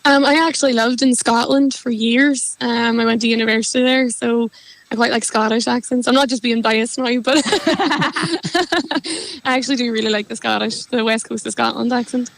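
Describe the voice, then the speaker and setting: A woman's voice: a little high, normal speed, gravelly, no echo, rough recording. A young woman from Derry with a Derry accent, a panel guest speaking in a chatty, frank way. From Derry, Northern Ireland.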